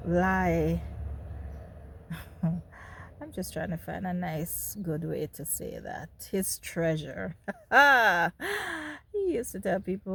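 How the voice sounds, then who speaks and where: A woman's voice: on the low side, lively intonation, takes it slowly, gravelly, pauses often. A woman from Jamaica with a Jamaican accent, telling her own story in a candid monologue to her viewers and laughing between remarks. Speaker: host.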